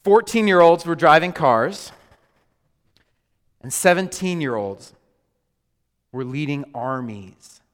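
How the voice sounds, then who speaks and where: Animated preacher in a reverberant hall. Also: male voice, a little high, takes it slowly, pauses often. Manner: animated, joking with the congregation. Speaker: pastor. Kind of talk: sermon. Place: large church hall.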